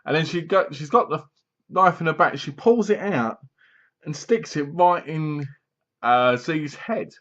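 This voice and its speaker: A man's voice: a little high, measured pace, fairly bright tone. A man giving a casual, rambling film review from home, retelling scenes with acted-out lines and bursts of laughter. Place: home room, seated in a squeaky chair. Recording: dull lo-fi home recording.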